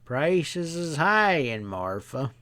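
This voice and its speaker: A man reading an audiobook, voicing a sly young stableman who talks in a placid, slow drawl. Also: a little high, sing-song, fairly bright tone, heavily acted.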